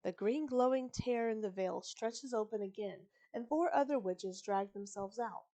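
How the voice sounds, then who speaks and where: A woman's voice: fairly high pitch, moderate pace, mellow. A woman reads a story aloud on a live stream, breaking off often for casual asides. She is chatty and digressive, stumbling on words and correcting herself as she goes. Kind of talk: reading a book aloud with casual commentary.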